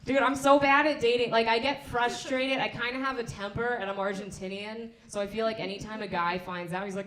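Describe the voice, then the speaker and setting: A young woman from the United States doing a stand-up set, telling stories in an animated, self-mocking way. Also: on the high side, fairly quick, hardly any pauses, roomy sound. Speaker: stand-up comedian.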